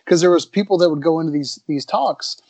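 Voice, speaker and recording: Male, a bit high-pitched, relaxed and chatty, dry close sound. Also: brisk, no echo. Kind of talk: casual anecdote telling.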